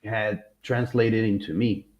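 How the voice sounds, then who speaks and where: A man co-hosting a podcast, chatting casually in an animated, rambling way, often restarting his sentences and laughing. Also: fairly low pitch, a little slow, highs cut off, crowd noise. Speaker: podcast co-host. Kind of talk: casual chat.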